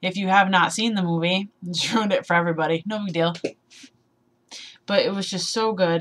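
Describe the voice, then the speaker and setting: A woman's voice: medium pitch, fairly quick. A twenty-one-year-old woman chatting casually in a vlog, rambling and laughing at herself, slightly sleep deprived. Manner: rambling, self-deprecating, giggly. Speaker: vlogger. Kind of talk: casual tag video chat.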